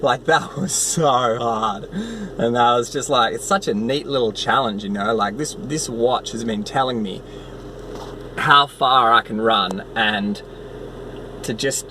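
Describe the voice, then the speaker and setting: A man talking casually to the camera in a self-filmed vlog, excitable and rambling, outdoors on a trail. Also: medium pitch, background noise. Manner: excitable, rambling, swears mildly. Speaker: vlogger, trail runner.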